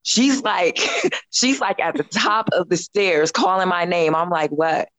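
Lively, laughing woman telling a story. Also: on the low side, a little slow, no room sound, poor audio. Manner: animated, laughs often, acts out her own quoted lines. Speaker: podcast guest. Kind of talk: casual storytelling chat.

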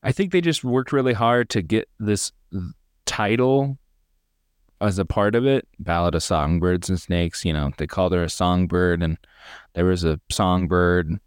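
A deep-voiced man talks through a film review in a loose, rambling way, full of sarcastic asides. His voice is smooth and clean, and the recording is dry, with no room sound. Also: a little slow, no room sound. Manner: rambling, sarcastic, mimics characters in mocking voices. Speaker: podcast co-host. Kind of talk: casual movie review chat.

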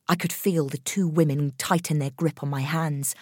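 A woman's voice: low voice, fairly even intonation, moderate pace, hardly any pauses, a little mellow, dry recording, clean studio sound. Woman narrating a horror story.

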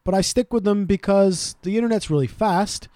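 A man's voice: sits high, warm tone, dry recording, clean studio sound. A man co-hosting a podcast, telling profane, sarcastic stories and mimicking the people in them. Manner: profane, sarcastic, quick storytelling with mimicked voices. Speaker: podcast co-host. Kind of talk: casual storytelling chat.

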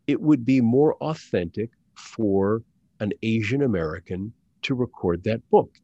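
A middle-aged man, an actor and audiobook narrator, speaking as an interview guest in a deliberate, hesitant way with many fillers and restarts. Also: mid-range voice, a little mellow, dry recording. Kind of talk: conversational interview. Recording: dull lo-fi dry sound.

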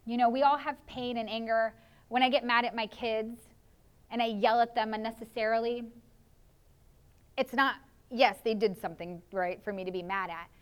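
A woman's voice: on the high side, a bit bright. Earnest woman pastor preaching. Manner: earnest, confessional, prays aloud in asides. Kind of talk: sermon.

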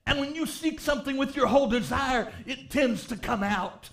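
A male preacher with a strikingly high voice delivers a revival sermon in church. He reads old-style scripture aloud and builds fervently until he is shouting key lines. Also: fairly quick, hardly any pauses.

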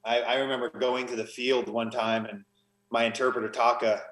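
A man of middle pitch speaking as a podcast guest, earnest and emotional as he tells his story and often restarts his phrases. His voice carries a noticeable room echo. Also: little pitch movement, moderate pace, fairly bright tone. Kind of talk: conversational testimony.

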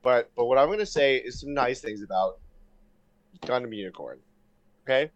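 A man in casual podcast chat, excitable and rambling, swearing often with lots of fillers. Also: medium pitch, normal speed, highs cut off.

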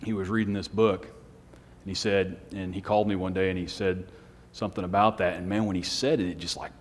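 Recorded with long hall reverb, a man preaches a casual, conversational sermon to a small group, asking the room questions and chuckling. His voice is low-pitched and level, and he talks fairly quickly.

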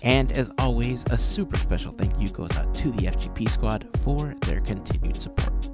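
Guy reading the podcast intro all upbeat, music playing loud underneath. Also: medium pitch. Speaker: podcast host.

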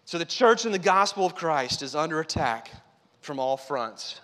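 A man's voice: a little high, very animated, moderate pace, pushed and bright, big-room sound. A man preaching a sermon as pastor, conversational and emphatic, with repeated phrases.

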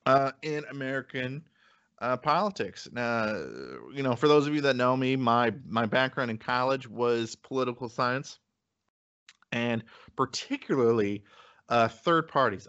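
A man's voice: mid-range voice, a bit bright, muffled recording. A man hosting a podcast, talking casually with lots of fillers and easy laughs. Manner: chatty, loose, laughs often, many fillers. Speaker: podcast host.

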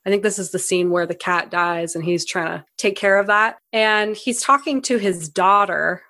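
A young woman co-hosting a movie podcast, blunt and profane, ranting with animated energy. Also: medium pitch, normal speed, dry recording. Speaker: podcast co-host. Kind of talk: casual movie review chat.

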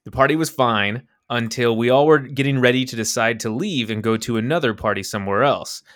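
Speaking a little fast, a young man recounts a story on a podcast he co-hosts, his voice leaping in pitch as he animatedly performs the quotes. The sound is clean studio audio with no echo.

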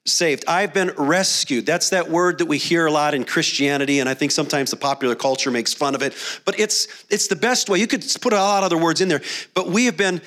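A man's voice: a little high, brisk, fairly bright tone. A middle-aged man preaching a sermon in a conversational, storytelling way, often restarting phrases. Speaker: pastor.

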